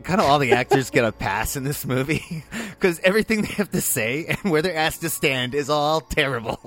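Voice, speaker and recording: A man's voice: on the high side, animated, fairly quick, fairly bright tone, faint music behind. A man co-hosting a podcast, casually explaining film trivia with a knowing tone and dry laughs. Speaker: podcast co-host.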